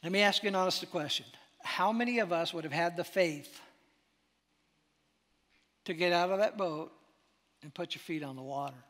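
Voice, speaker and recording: A man preaching with a high, bright voice that swings between loud exclamations and hushed near-whispers. His sermon is dramatic and animated, and a long hall reverb hangs behind every line. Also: moderate pace, pauses often. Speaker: pastor.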